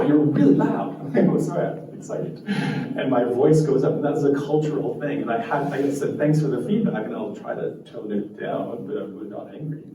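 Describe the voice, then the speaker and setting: A man giving an animated live talk to a group, laughing often and acting out quotes. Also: mid-range voice. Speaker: meetup speaker. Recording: echoey room from far off, faint noise.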